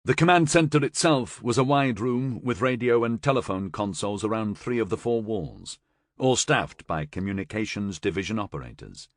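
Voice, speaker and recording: A man reading an audiobook as narrator in an expressive storytelling manner. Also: lowish voice, moderate pace, dry recording, studio quality. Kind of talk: scripted narration.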